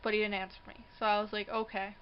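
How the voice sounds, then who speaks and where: A young woman with a mid-range voice talks fast, recorded with dull audio and slight background noise indoors near a passing train. In a casual vlog she tells a personal story animatedly, acting out the voices of the people in it and laughing often.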